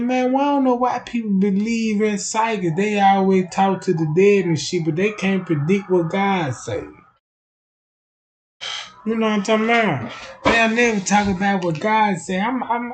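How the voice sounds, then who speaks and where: A man's voice: high voice, moderate pace, a little hiss or hum. A man in a casual, profane, rambling rant as a streamer, keeps asking if you know what he's talking about. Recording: roomy, off-mic sound.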